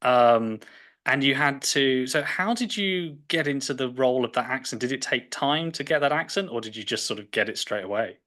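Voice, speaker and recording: A man's voice: medium pitch, lively intonation, normal speed, bright, forceful tone. A British man hosting a podcast interview, asking questions with many fillers and restarts. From Britain. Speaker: podcast host. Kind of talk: casual interview chat.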